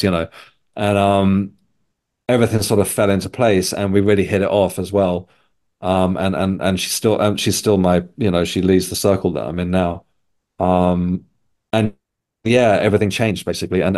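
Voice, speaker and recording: Man, deep voice, rambling storyteller, restarts sentences, podcast guest. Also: darkish tone. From England. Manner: rambling, self-correcting storyteller. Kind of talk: casual conversation.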